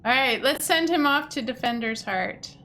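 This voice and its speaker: Chatty woman streamer, higher voice. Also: animated, normal speed, pushed and bright, slight background noise. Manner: chatty, reacting aloud to the game. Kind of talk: casual gameplay commentary.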